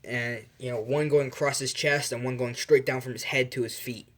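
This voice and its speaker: A man's voice: medium pitch, steady tone, moderate pace, fairly bright tone. A young man improvising a fan story aloud, rambling and correcting himself as he goes, with lots of fillers.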